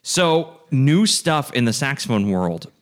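A man in his forties co-hosting a casual podcast about saxophone, joking and animated. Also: mid-range voice. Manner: animated, joking, quick-talking. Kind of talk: casual chat.

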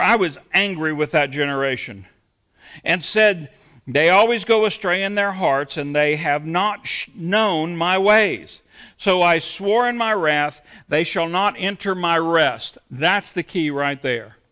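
Bright high-voiced preacher man. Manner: teaching verse by verse, conversational with emphatic rises. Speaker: pastor. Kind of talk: sermon.

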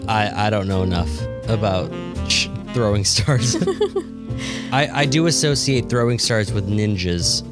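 A man's voice: fairly low pitch, very animated, measured pace, over music. A man co-hosting a podcast, talking bluntly with lots of swearing and rambling asides. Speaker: podcast co-host. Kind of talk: casual comedic chat.

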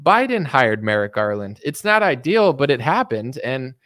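A man doing casual political commentary, talking quickly and mockingly with many fillers and acted-out quoted voices. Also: medium pitch, very animated, a bit bright, dry recording, studio quality. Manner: rapid, mocking, full of fillers.

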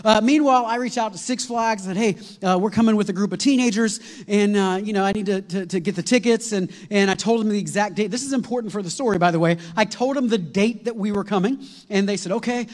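A man preaching a sermon, telling a long story in an animated, rambling way with many fillers and restarts. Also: high voice, fast talker. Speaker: pastor. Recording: long hall reverb.

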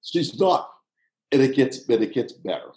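A man in his sixties from Pittsburgh, telling a long personal story in a casual, halting way with frequent restarts. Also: medium pitch. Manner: animated, halting with restarts, drops to hushed tones. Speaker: guest storyteller, former soccer coach. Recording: roomy echo.

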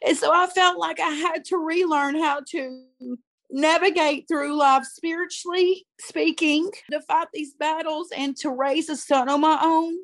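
A woman's voice: high-pitched, fairly even intonation, a little slow, a bit bright, dry recording. Earnest, emotional woman with a dry sound. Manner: earnest, emotional, repeats phrases for emphasis. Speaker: guest, youth pastor. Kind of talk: personal testimony in conversation.

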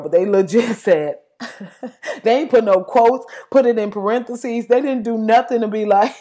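A woman ranting in blunt, sassy, profanity-filled casual talk, with sudden loud outbursts. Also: a little high, measured pace, long pauses.

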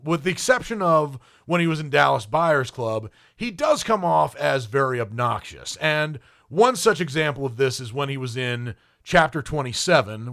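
A man's voice: mid-range voice, a bit bright. A man giving an opinionated spoken film review as a critic, with frequent ums and restarts.

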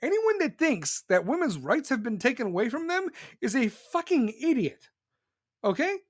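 Heated host, swears and repeats for emphasis; animated delivery, dry room. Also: male voice, extremely high pitch, normal speed, dry recording. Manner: profane, emphatic, repeats himself. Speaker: podcast host. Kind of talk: heated political rant.

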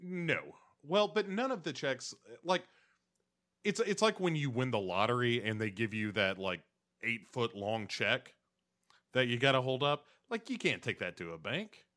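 A man chatting casually as a podcast co-host, recapping a TV episode and slipping into quick character impressions. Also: medium pitch, lively intonation, a bit bright.

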